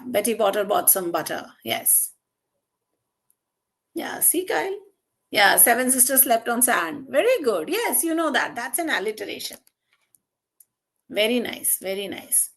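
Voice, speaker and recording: Woman, online teacher: encouraging, slow and deliberate, bright tone. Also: high voice. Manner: encouraging, praises students by name and asks the class questions; slow and deliberate, draws out key terms and examples. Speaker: English teacher. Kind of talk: online exam-prep lesson.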